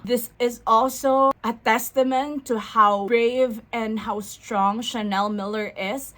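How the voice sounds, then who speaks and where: A woman's voice: fairly high pitch, a bit bright. A young woman reviewing books in a casual vlog, effusive and emphatic, repeating words for stress. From Philippines. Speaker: book vlogger.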